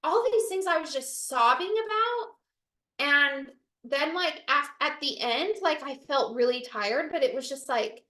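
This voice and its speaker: High-voiced woman rambling in an echoey room. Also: expressive, a little slow, bright, forceful tone. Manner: rambling, filler-heavy storytelling. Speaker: podcast co-host. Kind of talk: casual chat.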